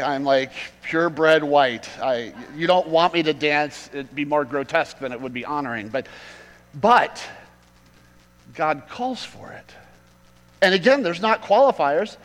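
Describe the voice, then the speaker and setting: A man preaching a sermon as pastor, swinging from loud emphatic peaks to quiet asides. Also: a little high, unhurried, in a large hall, poor audio.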